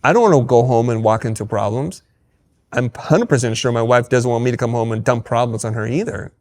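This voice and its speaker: A man talking as a guest in a candid interview, an animated storyteller who acts out dialogue with blunt, wry humor. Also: mid-range voice, a little fast, dry recording, studio quality. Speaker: podcast guest.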